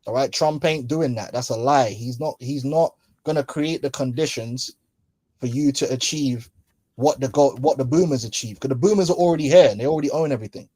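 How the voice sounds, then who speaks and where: A man's voice: mid-range voice, fairly quick, warm tone, dry recording. A man hosting a casual religious commentary, talking in slangy, mocking, preachy tones and laughing often. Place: London.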